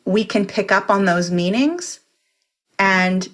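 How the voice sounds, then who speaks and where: A woman's voice: medium pitch, animated, slow. A woman guest on a podcast, talking in an earnest, reflective way and explaining her thoughts at length. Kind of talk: conversational interview.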